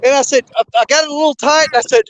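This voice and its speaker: A man hosting a fishing show outdoors, talking in an excited, breathless, rambling way. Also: extremely high pitch, rapid-fire, slight background noise. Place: outdoors by a river.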